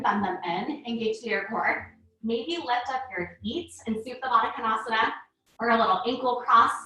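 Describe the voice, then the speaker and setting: A woman guides a live online yoga class, calmly cueing each breath and pose while slightly out of breath. Her voice is high and bright. It carries from a camera across an echoey room. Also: recorded from a distance. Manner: calm cueing, breath-paced instructions. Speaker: yoga teacher.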